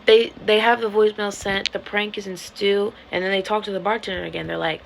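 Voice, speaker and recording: A woman casually retelling a webtoon plot to her viewers, animated and swearing freely, acting out the characters' lines. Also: medium pitch, brisk, gravelly, hardly any pauses, slight background noise, low-quality recording. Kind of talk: casual storytime rant.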